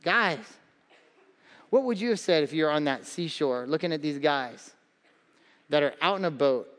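A pastor in his thirties preaches with playful energy, slipping into acted-out voices as he tells stories. His voice sits a little high for a man. The sound carries a long reverb from a large church hall. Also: normal speed. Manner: animated storytelling with acted-out voices and humor. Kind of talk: sermon.

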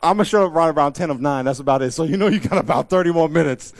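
A man's voice: on the high side, rapid-fire. A man preaching a sermon, telling stories and joking with his listeners. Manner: animated storytelling, joking with the audience. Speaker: pastor.

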